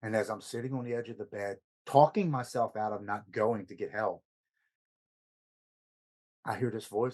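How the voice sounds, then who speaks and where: A man's voice: fairly low pitch, moderate pace, pauses often, a little mellow, poor audio. A man, a podcast guest, recounting his recovery story in an earnest, emotional way, stammering over words at times.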